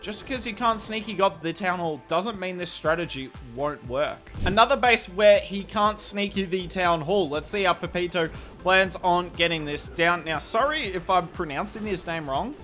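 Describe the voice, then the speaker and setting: A man's voice: sits high, lively intonation, normal speed, few pauses, bright, forceful tone, soft background music. A young man with an Australian accent commentating a game replay in a chatty, candid way with self-deprecating asides. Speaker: strategy video commentator.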